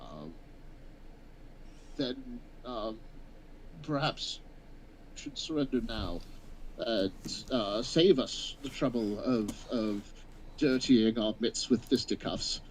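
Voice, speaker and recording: A man's voice: lowish voice, expressive, poor audio. A man voicing a formal, wordy adventurer who halts and restarts as he speaks. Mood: pompous. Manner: hesitant, halting, full of restarts. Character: wordy, formal male adventurer making a stiff threat.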